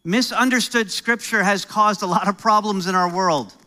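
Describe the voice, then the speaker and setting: A middle-aged American pastor delivers his sermon in a slightly high, bright voice. He moves between easy, joking asides and pointed, building emphasis. He grew up in New York. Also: normal speed. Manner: conversational preaching with jokes and rising emphasis.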